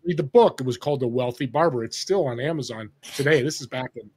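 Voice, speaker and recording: A man in his sixties from Northern California, a podcast guest telling a story in an animated way and acting out the people he quotes. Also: mid-range voice, fast talker, slightly rough. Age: 60s. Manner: animated, acts out quoted dialogue. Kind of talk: casual storytelling.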